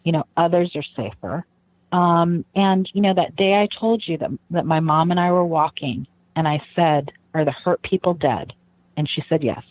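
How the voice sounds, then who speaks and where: A woman's voice: on the low side, moderate pace, dry recording. A woman guest, recounting a personal story in an interview, earnest and reflective, with frequent "you know" fillers. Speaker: guest, daughter of a convicted killer. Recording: tinny phone-like line.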